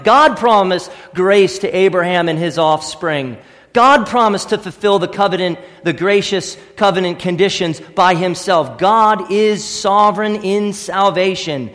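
A man's voice: high voice, fairly bright tone, long reverb tail. A man preaching a sermon as pastor, emphatic and full of repeated rhetorical questions. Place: church sanctuary.

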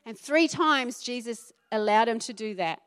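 A middle-aged woman pastor preaching a sermon, acting out the voices she quotes with animated emphasis. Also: fairly high pitch, measured pace, clear, resonant tone.

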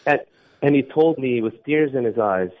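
A man's voice: medium pitch, lively intonation, normal speed, highs cut off. A man who is a guest singer on a radio interview, telling a story with animation and acting out the quotes. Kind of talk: casual radio interview chat.

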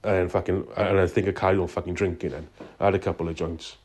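Very low-voiced man swearing constantly. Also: flat delivery, quick pace, a little mellow. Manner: loose, meandering storytelling. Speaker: caller. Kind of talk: rambling phone-in story.

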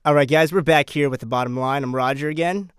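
A man's voice: fairly high pitch, quick pace, clear, resonant tone, close to an everyday voice. A man playing a laid-back, casual co-host on a parody political podcast. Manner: casual, easygoing.

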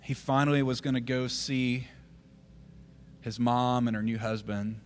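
A man, preaching a sermon as the pastor. He tells a story, drops almost to a whisper at tender moments, and grows forceful when he urges the congregation. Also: mid-range voice, steady tone, unhurried, slight background noise.

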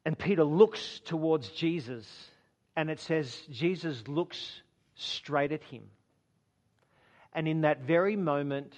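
A man preaching a sermon, retelling a story dramatically, acting out quoted lines and dropping low and soft for emphasis. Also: slow pace.

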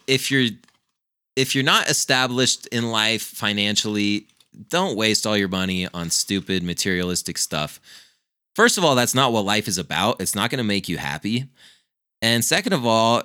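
A man's voice: lowish voice, pushed and bright, no echo, clean studio sound. A man in a casual, rambling rant, blunt and full of profanity. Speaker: vlogger.

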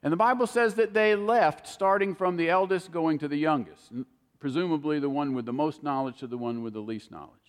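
A man's voice: fairly high pitch, brisk. An older man preaching a sermon in a folksy, storytelling way, acting out the people he quotes. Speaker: pastor. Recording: long hall reverb.

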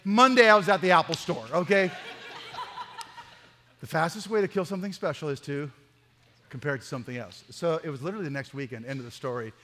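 A man, a pastor, giving a humorous sermon with lively stories, acting out the dialogue. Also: a little high, fast, pauses often, big-room sound, background noise. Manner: animated, acts out dialogue in the stories. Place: church.

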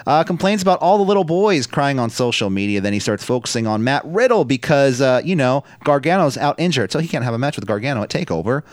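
A man's voice: mid-range voice, big pitch swings, quick pace, few pauses, dry recording. Casual man recapping wrestling, dry sound. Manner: swears freely, laughs while recapping. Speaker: podcast co-host.

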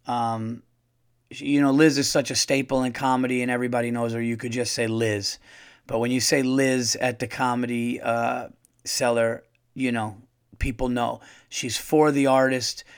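Profane, fast-rambling comedian host. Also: male voice, medium pitch, clean tone. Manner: profane, animated, rambling with restarts. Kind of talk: casual monologue.

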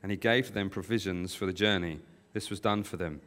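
A man reading scripture aloud in a plain, measured way, now and then correcting himself. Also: deep voice, a bit bright. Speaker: scripture reader. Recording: long hall reverb.

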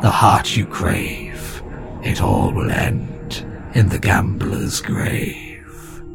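A man voicing an old crone who chants a slow, ominous rhyming prophecy, with music behind. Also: low-pitched, wildly swooping pitch, gravelly, pitched below the performer's own voice, heavily acted. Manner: slow, doom-laden chanting in rhyme.

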